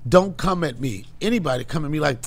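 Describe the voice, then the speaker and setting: A comedian hosting his podcast speaks in a low, muttering voice with a gravelly texture. His casual talk is offhand and a little defensive. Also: animated, quick pace. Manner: low, mumbling, defensive asides. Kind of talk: casual chat.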